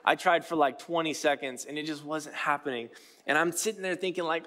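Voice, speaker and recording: A man's voice: on the high side, fairly quick, pushed and bright. A man in his thirties preaching a sermon in a conversational, self-deprecating way, with many fillers and restarts. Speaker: pastor.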